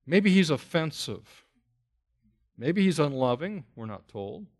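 A man's voice: fairly high pitch, very animated, slow. A man preaching an expository sermon, emphatic, repeating phrases and asking rhetorical questions. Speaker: pastor.

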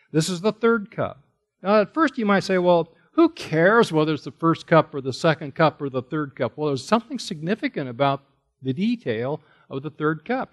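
Man, pastor, sermon teaching, slightly high voice, emphatic, slows on key words, rhetorical questions. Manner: asks rhetorical questions of listeners. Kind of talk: expository Bible teaching sermon.

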